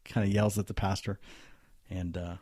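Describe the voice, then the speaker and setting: Low-voiced man telling a story. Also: level tone, normal speed, warm tone, no echo, studio quality. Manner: conversational, many fillers and restarts. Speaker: podcast host. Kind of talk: casual storytelling.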